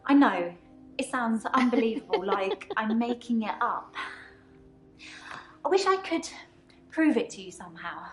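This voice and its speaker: A troubled young woman patient speaks with earnest, halting sincerity. Her voice sits fairly high. The recording sounds roomy, with soft music underneath. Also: sing-song. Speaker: game character.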